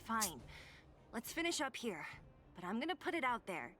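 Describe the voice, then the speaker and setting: Dry young female companion, high and lively, teasing, game character voice. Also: moderate pace, faint music behind. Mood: wry. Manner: wry and teasing.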